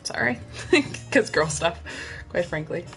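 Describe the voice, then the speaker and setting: A woman's voice: mid-range voice, expressive, moderate pace, a bit bright, faint music behind. A young woman livestreaming from home, chatting casually and rambling to her viewers, breathing heavily through a stuffy nose. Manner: chatty, rambling, addresses chat directly.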